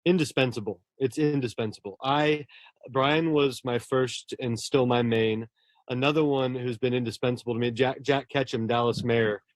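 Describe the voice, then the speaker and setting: A man's voice: mid-range voice, fairly even intonation, normal speed, dry recording, studio quality. A man, a horror novelist, talking earnestly and at length in a casual interview, often restarting his words.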